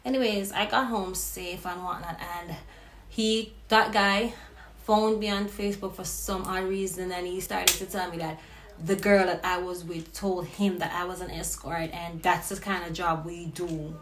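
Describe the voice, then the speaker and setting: Animated woman telling a story, roomy sound. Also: fairly low pitch, moderate pace. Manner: animated, profane retelling. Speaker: vlogger. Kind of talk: casual storytime. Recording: roomy with faint noise.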